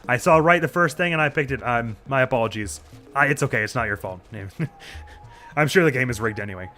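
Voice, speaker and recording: A man chatting away over his gameplay, chatty and self-deprecating, with frequent small laughs. His voice is bright and forward, with faint music in the background. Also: mid-range voice, expressive, fairly quick. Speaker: streamer. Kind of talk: casual gameplay commentary.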